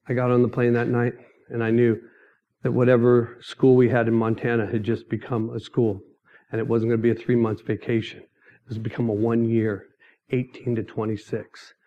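A middle-aged man telling his mission testimony as a sermon, emphatic and storytelling, breaking into sudden loud outbursts. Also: mid-range voice, flat delivery, normal speed, narrow, tinny audio.

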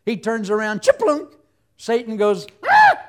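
A man preaching with a somewhat high voice. He keeps it light, tells jokey stories and throws in his own sound effects. He often laughs along with the congregation. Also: expressive, unhurried, darkish tone. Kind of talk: humorous sermon.

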